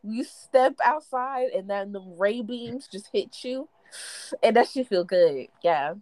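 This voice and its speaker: Animated young woman telling gossip stories. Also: slow, dry recording. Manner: animated gossiping, mimics others in high and low voices. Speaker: podcast co-host. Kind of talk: casual chat, storytelling.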